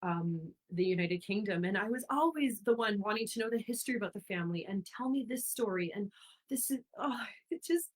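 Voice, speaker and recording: A woman's voice: mid-range voice, expressive, brisk, rough recording. Woman from ontario chatting on a livestream, gushy and rambly, lots of likes and ums. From Ontario, Canada. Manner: effusive, rambling, with many fillers and restarts. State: getting emotional. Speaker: host of a speaker series. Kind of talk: casual live-stream monologue.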